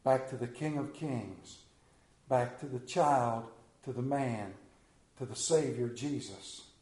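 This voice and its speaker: A man delivers a sermon slowly, dropping from loud passages to hushed ones. His voice is dark and sits a little high for a man. The sound carries an echo from the room around him. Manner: slow, dramatic delivery swinging from loud to hushed. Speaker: preacher. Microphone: camera.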